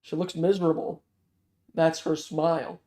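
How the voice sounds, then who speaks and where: A man's voice: on the high side, little pitch movement, moderate pace, mellow, lightly acted. Man doing a 70-year-old Philadelphia guard, ex-patrol cop, blunt and teasing, storybook reading, echoey. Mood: gruff teasing. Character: gruff seventy-year-old male ex-cop security guard. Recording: roomy echo.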